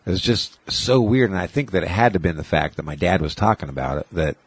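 A man's voice: sits low, fast, breathy edge. A man in his forties in casual podcast chat, telling a long personal story and quoting others. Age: 40s. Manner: rambling storytelling, quoting others in raised voices. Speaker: podcast host.

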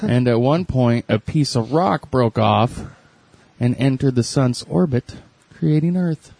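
A man's voice: mid-range voice, measured pace, vocal fry, mellow, no room sound. A man co-hosting a podcast, trading short replies and dry quips in casual chat. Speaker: podcast co-host.

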